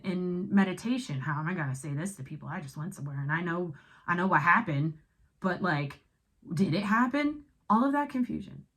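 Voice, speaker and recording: A woman giving a casual spiritual tarot reading, emphatic and swearing now and then, slipping into the inner voices of her listeners. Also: mid-range voice. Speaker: tarot reader.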